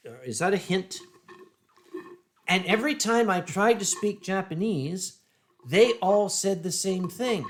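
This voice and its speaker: A middle-aged man hosting a casual stream, telling wry, drawn-out anecdotes with deadpan punchlines. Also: high voice. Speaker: streamer host. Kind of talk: casual storytelling chat.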